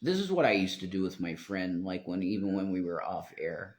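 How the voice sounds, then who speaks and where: A man with a low-pitched voice rambles through a live stream, drifting between thoughts and swearing freely. He often trails off mid-sentence. The sound is roomy, with a clear echo around his voice. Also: animated, brisk. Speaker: livestreamer.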